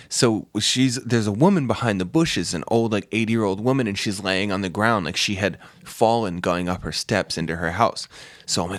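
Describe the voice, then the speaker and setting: A man's voice: lowish voice, brisk, no room sound, studio quality. A man hosting a casual podcast, telling a story animatedly, acting out quotes and swearing freely. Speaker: podcast host. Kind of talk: casual chat.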